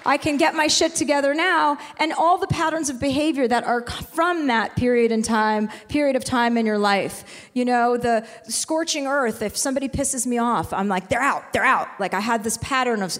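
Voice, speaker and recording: A woman's voice: on the high side, normal speed, hardly any pauses. A woman in her forties, talking frankly and with plenty of profanity as a guest on a stage. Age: 40s. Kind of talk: candid live conversation. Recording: long hall reverb.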